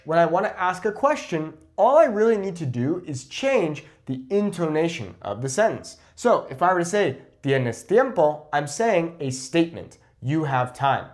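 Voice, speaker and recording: Male language teacher, animated delivery, clear explanations. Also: fairly high pitch. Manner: clear, explanatory, slows down to model Spanish phrases. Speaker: Spanish teacher. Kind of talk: language lesson.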